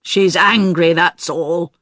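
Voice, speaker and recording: A woman's voice: fairly low pitch, fairly even intonation, slow, a bit bright, no echo, studio quality. Woman reading a blunt grumbling old uncle.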